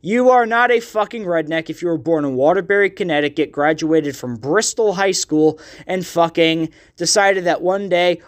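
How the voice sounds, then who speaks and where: A man's voice: high voice, normal speed, few pauses. A young man hosting a podcast, ranting in a casual, profane monologue full of fillers. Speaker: podcast host.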